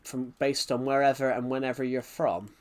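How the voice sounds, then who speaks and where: A man with a thick regional accent, chatting on a live game stream in a rambling, halting way with many restarts. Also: mid-range voice, steady tone. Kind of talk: live-stream chat while gaming.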